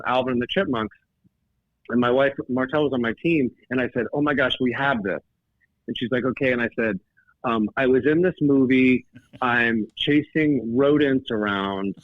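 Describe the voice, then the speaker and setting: A man's voice: medium pitch, dry recording, narrow, tinny audio. A middle-aged male actor, a guest on a casual call, telling funny stories with plenty of laughter. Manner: laughing, storytelling. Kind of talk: casual phone chat.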